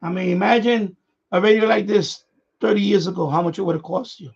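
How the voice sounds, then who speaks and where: A man's voice: high voice, fairly quick, creaky, slightly rough, highs cut off. A man hosting a radio hobby live stream, chatting casually in a rambling way, repeating himself and chuckling often.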